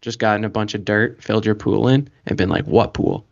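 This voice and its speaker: A man co-hosting a podcast in casual chat, jumping in with quick jokes and swearing. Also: lowish voice, fairly even intonation, vocal fry, highs cut off. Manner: quick interjecting banter, swears. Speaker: podcast co-host.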